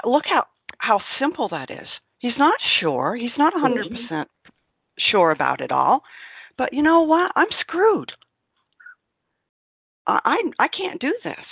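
A woman sharing at a recovery meeting, reflective and measured in a conversational way. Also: medium pitch, dry recording. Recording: tinny phone-line call audio.

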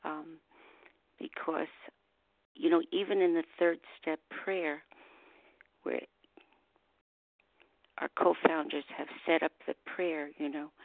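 A woman's voice: low voice, creaky, dry recording. A woman in her morning voice, sharing earnestly and reflectively at a recovery meeting. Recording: tinny phone-line audio.

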